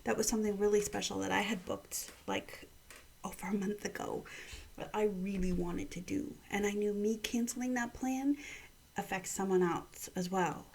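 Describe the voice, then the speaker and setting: A woman in her thirties from Canada gives a morning devotional vlog, speaking quietly in a half-whisper so her upset child down the hall can't hear. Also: mid-range voice, steady tone, moderate pace, creaky, slight background noise. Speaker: mother giving a morning devotional. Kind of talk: hushed personal vlog devotional.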